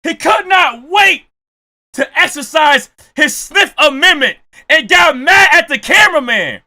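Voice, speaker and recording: Man ranting in a bright, lively voice. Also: very high voice, measured pace. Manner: loud, ranting, often shouting punchlines; repeats jokes for effect. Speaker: reaction streamer. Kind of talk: comedic reaction commentary.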